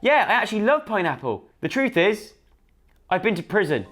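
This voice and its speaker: A man's voice: high voice, sing-song, moderate pace, fairly bright tone, pitched above the performer's own voice, full character voice. A man voicing a playful, mysterious young Spanish woman in a dating game. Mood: teasing.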